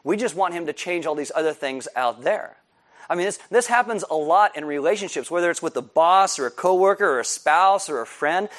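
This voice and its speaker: A man with a notably high speaking voice preaches to his congregation. He delivers the sermon with energy and acts out the people in the story with voices. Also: brisk. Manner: animated, acts out scenes with voices. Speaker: pastor.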